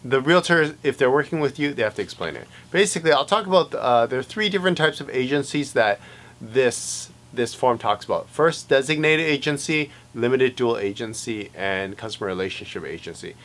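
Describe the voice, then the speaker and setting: A man's voice: medium pitch, expressive, a little fast, fairly bright tone. A man working as a realtor, explaining agency rules in a casual, conversational way, full of fillers and acted-out client exchanges. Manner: conversational, many fillers, acts out client dialogue. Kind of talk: casual explainer talk to camera.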